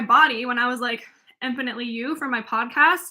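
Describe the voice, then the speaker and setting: A woman's voice: fairly high pitch, fairly quick, bright, forceful tone. A woman in her twenties, a life coach and podcast host, talking through a rambling, filler-heavy solo monologue full of restarts. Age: 20s.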